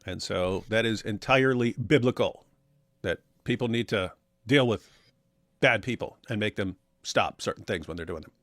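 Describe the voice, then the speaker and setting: A man's voice: lowish voice, moderate pace, fairly bright tone, no echo. A middle-aged man co-hosting a casual apologetics live stream, reading viewer comments aloud with sarcasm and laughter. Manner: sarcastic, mocks comments with exaggerated voices and laughs. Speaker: co-host of an apologetics talk stream.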